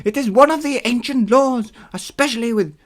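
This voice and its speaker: The podcast host voicing an earnest male messenger god, reading his lines aloud in a measured way. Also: medium pitch, pitched above the performer's own voice, close to an everyday voice.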